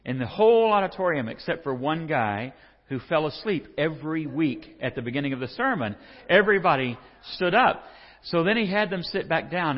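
Lively preacher man in a reverberant hall. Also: mid-range voice, brisk, breathy edge. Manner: lively storytelling, shifts between quiet and shouting. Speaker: pastor. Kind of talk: sermon with jokes and scripture reading. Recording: dull, long-reverb hall sound.

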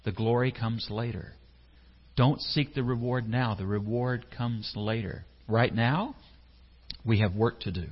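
A man's voice: mid-range voice, a little slow, husky. A man preaching a sermon in a conversational way, putting questions to his listeners and acting out short quotes. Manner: conversational, asks the congregation questions, acts out quotes. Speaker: pastor. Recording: echoey hall, slightly dull sound.

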